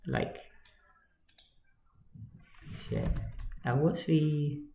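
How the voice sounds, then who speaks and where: A man's voice: fairly high pitch, fairly even intonation, takes it slowly, gravelly, dark tone. A man giving casual livestream commentary as he models, rambling and joking and muttering to himself as he works. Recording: echoey room with faint noise. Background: keyboard and mouse clicks.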